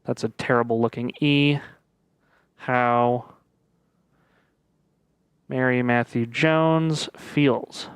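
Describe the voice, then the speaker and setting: A man talks through a puzzle game in a casual let's-play style, working things out aloud. He speaks slowly, with many pauses and fillers. His voice is very smooth and clear, recorded dry with no room sound. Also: medium pitch, fairly even intonation, no echo. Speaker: gaming video creator.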